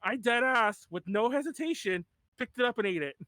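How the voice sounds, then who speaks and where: A man's voice: very high voice, animated, a little fast, pushed and bright, dry recording. A man in his thirties hosting a podcast in casual chat, rambling with lots of "like" and restarts and laughing often. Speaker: podcast host.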